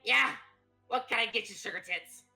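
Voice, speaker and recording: A crude, leering male goblin innkeeper from a tabletop game, as a woman puts him on. He is brash and loud, pitched above her own voice, with a bright, forward edge. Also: normal speed, gravelly, soft background music, full character voice, rough recording.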